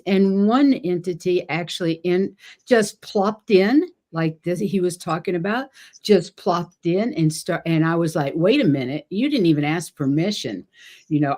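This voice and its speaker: A woman's voice: fairly low pitch, a little mellow. A woman hosting a casual chat, chatty and often laughing. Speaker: podcast host.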